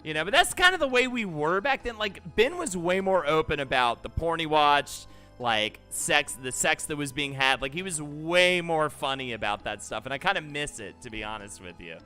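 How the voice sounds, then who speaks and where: A man hosting a casual comedy stream, telling an embarrassing story in an animated, laughing, self-deprecating way. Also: a little high, normal speed, smooth, soft background music. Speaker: host.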